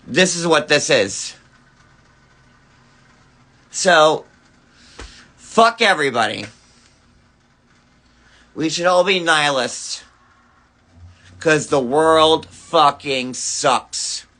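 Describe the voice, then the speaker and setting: A man's voice: a little high, expressive, extremely slow, pauses often, bright, forceful tone. An angry man ranting on a phone livestream, swearing heavily and stammering through restarts. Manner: furious, profane, stammering restarts.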